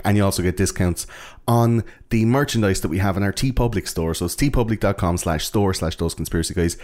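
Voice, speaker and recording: Deep-voiced Irish man, chatty podcaster. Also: a little mellow. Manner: chatty, swearing, joking. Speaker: podcast co-host. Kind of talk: casual podcast chat.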